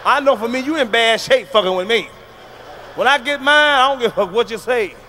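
Brief: male stand-up comic, very high voice, brash and profane, faint noise behind him. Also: brisk. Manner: brash, profane, with sudden shouted bursts. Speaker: stand-up comedian. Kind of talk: stand-up comedy routine.

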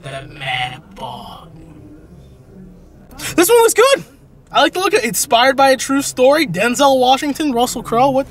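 A young man chats as a co-host in a goofy, hyper way. His voice sits high and swoops all over, jumping into loud excited yelps. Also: a little fast. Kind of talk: casual comedic chat.

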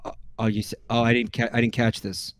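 A man on a stream reading out a list of jokes in a weary, deadpan way, sounding exasperated. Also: medium pitch, brisk, no room sound. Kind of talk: casual stream chat.

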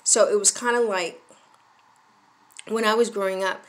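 A woman's voice: mid-range voice, fairly even intonation, moderate pace. Firm, emphatic woman giving parenting advice. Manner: firm, emphatic, repeats herself. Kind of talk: casual advice talk to camera.

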